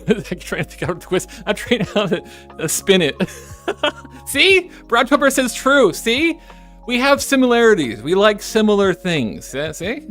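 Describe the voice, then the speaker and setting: Giggly woman streamer, very lively pitch. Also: measured pace, soft background music. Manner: giggly, chatty, self-correcting asides. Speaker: VTuber streamer. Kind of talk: casual live-stream chat, reading chat messages.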